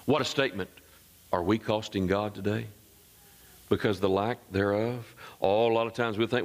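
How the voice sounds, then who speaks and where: A male pastor preaching a sermon, climbing high in emphasis and dropping low and soft, with asides to the congregation. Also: moderate pace. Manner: call-and-response asides to the congregation.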